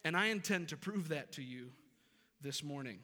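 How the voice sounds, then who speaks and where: A man's voice: on the high side, animated, moderate pace, sharp tone. A man preaching a sermon in a reverberant hall. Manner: conversational preaching, rising to emphatic repeated phrases. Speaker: pastor. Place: church sanctuary. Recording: long reverb of a large hall.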